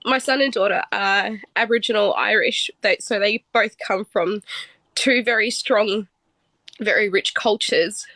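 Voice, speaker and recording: A woman speaking in an earnest, heartfelt, halting way on a phone livestream. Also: mid-range voice, sharp tone, dry recording, low-quality recording. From Australia. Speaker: livestream guest. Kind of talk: emotional livestream talk.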